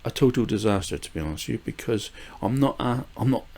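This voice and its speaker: A man's voice: on the low side, animated, fast, creaky, darkish tone. An older man from the UK rambling casually through a gardening vlog, with frequent fillers, restarts and small chuckles. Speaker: gardening vlogger.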